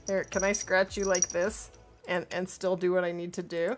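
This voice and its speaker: A woman's voice: on the low side, sing-song, normal speed, faint music behind. A woman chatting casually with her viewers while streaming a game from home, talking to her cat and laughing easily. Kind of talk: casual live-stream chat over gameplay.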